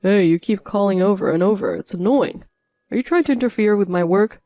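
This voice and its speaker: A woman's voice: on the low side, lively intonation, a little fast, warm tone, no echo. A woman voicing a cold, dismissive husband who answers in a curt, annoyed way. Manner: curt, annoyed, brushes off pleas. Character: cold dismissive husband, middle-aged man.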